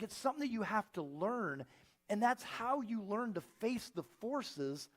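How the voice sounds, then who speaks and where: Animated preaching man with lively pitch. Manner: animated storytelling, acting out quoted voices. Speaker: pastor. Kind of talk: sermon. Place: church auditorium.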